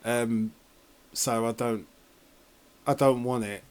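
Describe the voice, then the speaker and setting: A man's voice: medium pitch, fairly even intonation, slow. A man doing a casual trailer reaction in a rambling, sarcastic, exasperated way.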